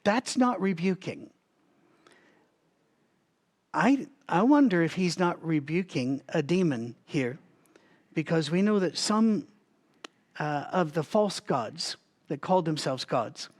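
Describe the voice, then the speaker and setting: A man's voice: fairly high pitch, lively intonation, slow pace, long pauses. A man leading a Bible study in a conversational teaching style, thinking aloud with asides and restarts, and coughing now and then. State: has a recurring cough.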